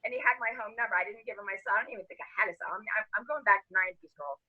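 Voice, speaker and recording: A middle-aged woman telling a story casually among friends, animated, laughing and acting out the quotes. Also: mid-range voice, rapid-fire, few pauses, highs cut off.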